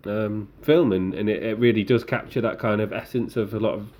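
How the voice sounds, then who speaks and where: A man's voice: fairly low pitch, steady tone, a little fast, a little mellow. Rambling man, casual podcast chat. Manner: rambling, many fillers and restarts. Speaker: podcast co-host.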